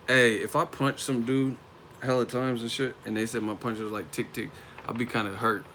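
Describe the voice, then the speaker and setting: A man's voice: on the low side, steady tone, moderate pace, fairly bright tone, slight background noise. Laughing, profane boxing streamer man. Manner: laughs often, profane, mocking impressions. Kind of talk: casual live-stream rant.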